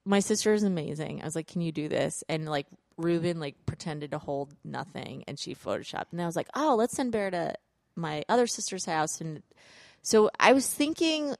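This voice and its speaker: A woman in her thirties with a low, gravelly voice tells a family story in relaxed podcast chat. She slips into quoted voices and laughs as she goes. The sound is close and dry. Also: moderate pace, dry recording. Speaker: podcast co-host. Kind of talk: casual chat.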